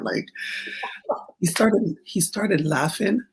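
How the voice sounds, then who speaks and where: Gravelly, husky woman telling a story. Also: deep voice, a little fast. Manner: animated, laughing, acts out quotes. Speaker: interview guest, former runway model. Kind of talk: casual storytelling chat.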